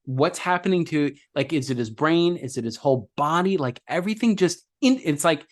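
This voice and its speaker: A man's voice: on the high side, lively intonation, normal speed. A man co-hosting a podcast, chatting casually about a film in a rambling way with lots of restarts. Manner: rambling, many fillers and restarts. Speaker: podcast co-host.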